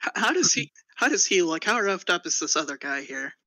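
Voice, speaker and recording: Brief: casual tabletop player, bright forceful tone, slangy, dry close sound. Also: mid-range voice, big pitch swings, fairly quick, no room sound. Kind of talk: role-playing a tabletop game.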